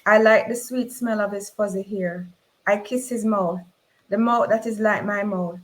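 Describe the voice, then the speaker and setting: A woman with a Jamaican accent reading a novel aloud in first person, expressive and dramatic. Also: mid-range voice, measured pace, poor audio. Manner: expressive, voices the characters in dialogue. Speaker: reader.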